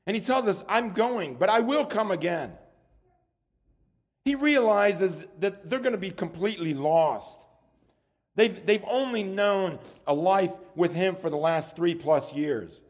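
High pitched guy preaching, earnest, keeps restarting his words. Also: lively intonation, a little slow. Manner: earnest, repeats words while building points. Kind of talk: sermon.

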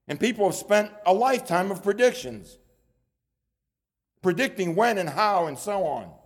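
A man's voice: high voice, expressive, moderate pace. A man preaching a sermon in an earnest way, often repeating words as he builds his points.

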